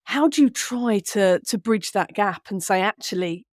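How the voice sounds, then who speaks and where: Host: woman, mid-pitched, probing questions, dry recording. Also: animated, a little slow, a little mellow, no echo. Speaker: podcast host. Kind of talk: interview questions.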